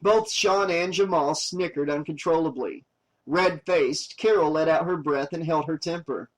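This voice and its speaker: A man's voice: a little high, unhurried, rough recording. Man narrating a slasher audiobook.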